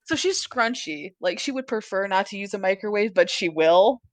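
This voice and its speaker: A woman's voice: mid-range voice, lively intonation, moderate pace. A young woman co-hosting a podcast in casual chat, swearing freely and laughing often. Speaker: podcast co-host.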